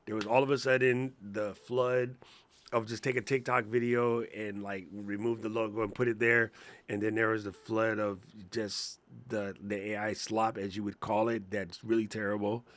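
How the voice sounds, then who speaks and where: A man co-hosting a podcast in casual chat, animated and joking, slipping into quick impressions. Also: fairly low pitch. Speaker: podcast co-host.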